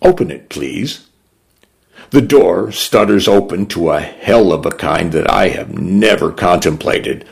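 Deep, slow, gravelly male storyteller. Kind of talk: scripted first-person story narration.

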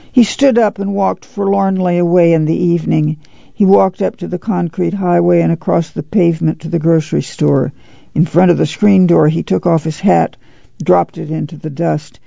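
A man narrating a novel aloud in a measured, steady reading for radio. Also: a little high, creaky, husky, no room sound. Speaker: audiobook reader. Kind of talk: literary audiobook narration on radio. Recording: dull dry lo-fi studio read.

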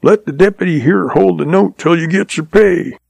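A man voicing a shrewd old cowboy who talks in a slow, patient, folksy drawl. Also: high voice, creaky, a little mellow, slightly rough, dry recording, pitched above the performer's own voice, full character voice. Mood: patient, sly. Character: shrewd old cowboy, calm, sly, chuckling.

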